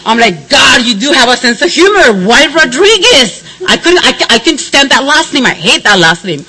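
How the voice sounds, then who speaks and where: A woman's voice: sits high, big pitch swings, moderate pace, sharp tone, slightly rough, poor audio. A middle-aged woman giving a blunt, candid personal testimony at a recovery meeting. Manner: candid and blunt, swinging between somber and laughing. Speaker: speaker sharing her recovery story.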